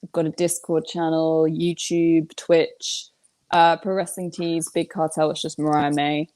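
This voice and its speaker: A woman's voice: low-pitched, flat delivery, unhurried, darkish tone. A young British woman, a professional wrestler, chatting casually as a guest in a joking, self-mocking way. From Britain. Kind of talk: casual chat.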